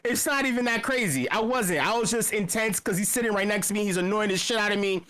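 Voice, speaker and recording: A man telling a rambling bar story in a casual chat, swearing often, stumbling over restarts and acting out what people said. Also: quick pace. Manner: animated, profane, many restarts and fillers; acts out quoted speech with big pitch jumps. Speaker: meetup regular telling a story.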